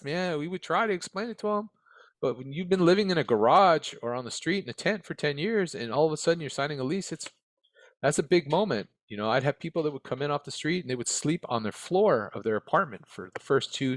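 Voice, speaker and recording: In an interview room, an American man who used to be a case manager answers questions bluntly and candidly in a medium-pitched voice with no room sound. He keeps tacking "right?" and "okay?" onto his direct remarks.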